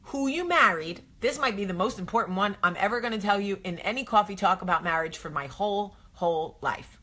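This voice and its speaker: A woman's voice: mid-range voice, expressive, fast, bright, forceful tone. A woman in her thirties giving casual marriage advice to camera, emphatic and repetitive, acting out little quoted exchanges. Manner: emphatic, repeats points, acts out quotes.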